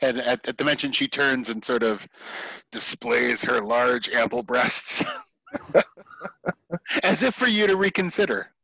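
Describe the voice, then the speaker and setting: Brief: a man as game master, improvised halting narration, dry close sound. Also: mid-range voice, expressive, pushed and bright, husky, no room sound, lo-fi sound. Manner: halting, full of ums and restarts.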